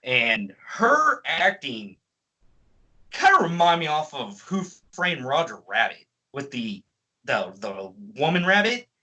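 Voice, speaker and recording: A man's voice: a little high, wildly swooping pitch, takes it slowly, sharp tone, poor audio. A man giving a profane, exasperated ranting movie review as a film reviewer.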